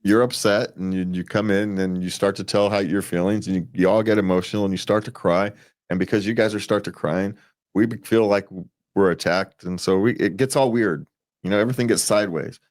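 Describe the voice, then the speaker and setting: Lowish man giving rambling relationship advice. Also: steady tone, fairly quick, darkish tone. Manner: rambling, restarts and repeats words, chuckles often. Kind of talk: casual advice chat.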